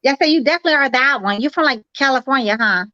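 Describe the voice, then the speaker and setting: A woman co-hosting a casual chat, quick and teasing. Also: sits high, pushed and bright, lo-fi sound.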